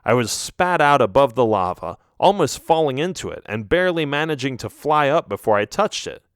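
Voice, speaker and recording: A man reading a children's ghost story aloud as an audiobook narrator, telling it in an expressive storytelling manner. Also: medium pitch, brisk, smooth, no room sound, studio quality. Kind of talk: scripted narration.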